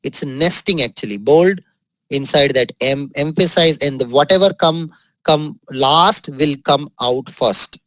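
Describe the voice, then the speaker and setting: A man with an Indian English accent teaching a coding lesson over his screen, upbeat, sprinkling in words of praise and repeating the key points slowly. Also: fairly high pitch, a bit bright, no room sound, poor audio. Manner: upbeat, drops frequent exclamations of praise. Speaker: software trainer. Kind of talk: screen-recorded coding tutorial.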